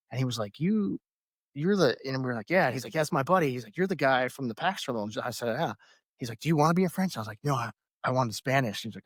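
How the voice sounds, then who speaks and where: A man who is an Army veteran and a podcast guest, telling lively anecdotes with frequent laughter and acted-out quotes in casual conversation. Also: mid-range voice, dry recording, studio quality. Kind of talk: casual storytelling.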